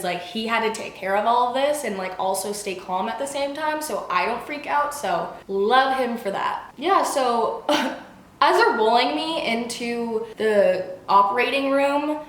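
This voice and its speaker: A woman's voice: a little high, a bit bright, reverberant. A young woman telling a personal story in a casual storytime vlog, chatty and full of fillers, acting out what people said. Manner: chatty, filler-heavy, acts out quotes. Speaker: vlogger.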